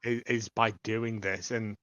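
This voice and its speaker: A man's voice: on the low side, little pitch movement, measured pace, fairly bright tone, no room sound, muffled recording. A man in a casual review chat, thoughtful and wry as he weighs in.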